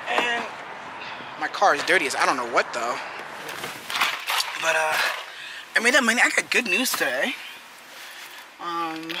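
A man's voice: a little high, background noise. A man chatting casually while he drives, rambling with lots of fillers. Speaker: vlogger. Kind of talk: casual vlog chat while driving. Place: in his car.

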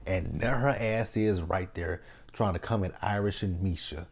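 A man's voice: low-pitched, normal speed, slightly rough. A man giving a casual video review of a reality show, blunt, exasperated and profane as he retells the scenes.

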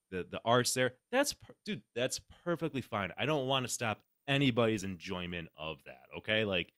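A man's voice: medium pitch, no room sound, studio quality. A man hosting a podcast, ranting sarcastically and swearing in casual chat. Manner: sarcastic, animated ranting with lots of profanity. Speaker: podcast host.

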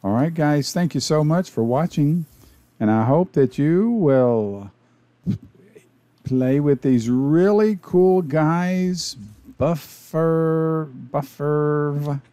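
Man with a Southern Arkansas accent hosting his game channel, slow and mellow, joking as he plays. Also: on the high side, animated, no echo. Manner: playful, jokey, chatty commentary. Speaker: gaming channel host. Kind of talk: casual gameplay commentary.

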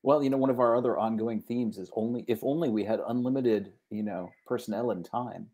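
Male co-host, mid pitch, gravelly fry; wry, easygoing. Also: fairly quick, dark tone. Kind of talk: casual livestream chat.

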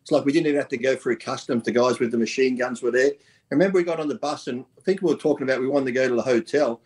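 A man telling rough, profane anecdotes in a casual chat, laughing as he goes. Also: mid-range voice, very fast, darkish tone. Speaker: bodybuilder telling stories.

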